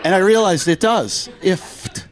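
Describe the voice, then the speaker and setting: A middle-aged man performing a stand-up comedy set on a club stage, telling stories deadpan and dropping his voice for quoted lines. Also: sits high, moderate pace, a crowd in the background.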